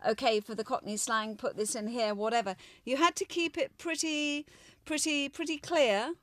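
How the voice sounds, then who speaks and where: An older Englishwoman with a refined, well-spoken accent recalls her past with animated, expressive delivery. Her voice sits a little high. The recording is dry and close. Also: moderate pace, no room sound. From England, London. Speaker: interview guest, former child show actress. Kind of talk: casual reminiscing interview.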